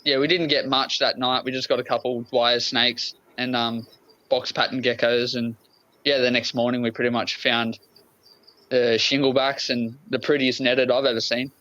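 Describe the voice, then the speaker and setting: This Australian man talks in a relaxed, easygoing way with plenty of fillers, and he sounds enthusiastic about his story. His voice sits in a middle pitch. The audio is dull and lo-fi. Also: moderate pace. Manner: laid-back, enthusiastic, lots of fillers. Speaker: podcast guest. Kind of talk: casual storytelling.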